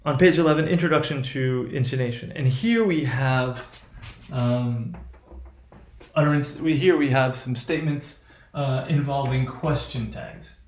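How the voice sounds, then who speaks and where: A man's voice: medium pitch, unhurried, darkish tone, roomy sound. A man teaching a lesson on English intonation, hesitant, with many restarts and "right?" checks.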